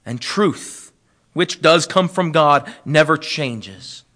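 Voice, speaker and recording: A man preaching an expository sermon, rising loud and high on appeals, then dropping low and soft, slowing on key phrases. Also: expressive. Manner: preaching with wide swings in pitch and loudness, slowing on key phrases.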